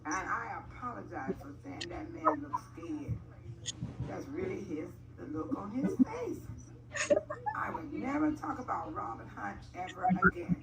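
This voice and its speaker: A woman's voice: medium pitch, big pitch swings, moderate pace, gravelly. Woman host chatting live, heard from a distance in a roomy space over heavy noise. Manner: chatty, repeats herself, laughs. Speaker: livestream host. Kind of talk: casual live chat with viewers.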